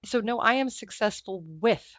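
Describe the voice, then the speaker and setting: A woman's voice: a little high, normal speed, no room sound, highs cut off. A woman guest on a podcast interview, talking candidly and acting out the voices of people in her stories with bursts of laughter. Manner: animated storyteller acting out quoted voices with laughter.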